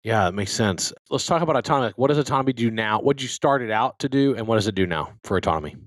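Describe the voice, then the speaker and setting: A man's voice: medium pitch, expressive, very fast, no echo, clean studio sound. A man hosting a podcast interview, asking questions and chiming in with chatty asides. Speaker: podcast host. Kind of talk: casual interview talk.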